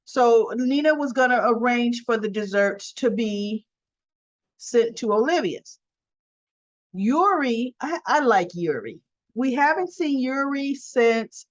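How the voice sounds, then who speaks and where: A woman recapping a soap opera episode in a chatty, rambling way full of fillers and asides. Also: fairly high pitch. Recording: dull lo-fi sound.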